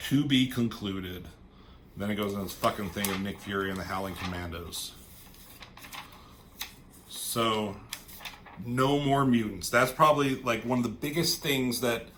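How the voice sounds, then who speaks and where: A man chats casually about a comic storyline, rambling and excited, with casual swearing. His voice is bright and forward, and a faint hum of ambience sits underneath. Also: mid-range voice. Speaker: comic book reviewer. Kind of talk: casual chat.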